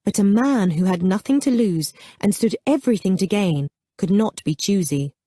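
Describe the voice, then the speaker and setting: A woman narrating an audiobook romance novel in a calm, measured storytelling manner. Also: medium pitch, no room sound, studio quality. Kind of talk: scripted narration.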